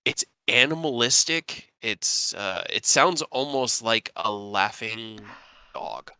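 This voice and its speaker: A man's voice: lowish voice, expressive, takes it slowly, pushed and bright, clear, resonant tone. A man narrating as game master of a tabletop game, casual and loose, with many fillers and restarts.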